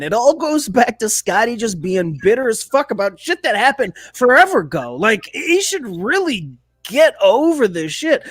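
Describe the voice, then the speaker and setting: A man's voice: very high-pitched, fairly bright tone, dry recording. A man co-hosting a sports and beer podcast, ranting in casual profane banter and acting out mock quotes. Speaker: podcast co-host.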